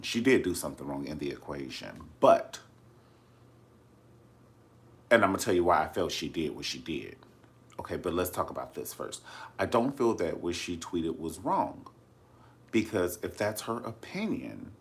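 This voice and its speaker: A man chatting casually about celebrity news in a sassy, dramatic way, often calling viewers honey. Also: sits low. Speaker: vlogger discussing celebrity news. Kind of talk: casual chat to camera.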